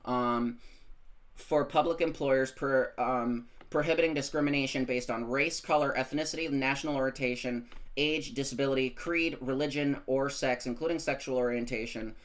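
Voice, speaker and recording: An American live streamer giving casual commentary, rambling and profane in an animated rant. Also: mid-range voice, moderate pace. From United States.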